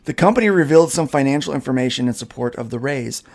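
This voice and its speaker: A man's voice: medium pitch, expressive, fast, creaky, darkish tone. A man hosting a casual podcast, reading an article aloud and breaking in with his own asides. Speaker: podcast host.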